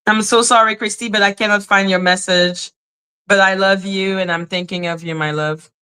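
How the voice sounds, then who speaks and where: A woman's voice: mid-range voice, steady tone, moderate pace, sharp tone, clean tone. A woman hosting a casual livestream, talking to her chat in an emotional, openly apologetic way and swearing freely. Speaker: livestream host reading chat.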